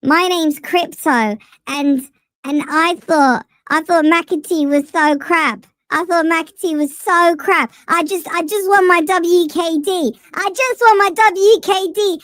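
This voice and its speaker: A man speaking through a high-pitched voice changer on a live stream, doing goofy impressions and mock commentary. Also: takes it slowly, sharp tone, dry recording, exaggerated voice. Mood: teasing impression. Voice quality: chipmunk-like, childlike pitch. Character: squeaky voice-changed fan, male adult.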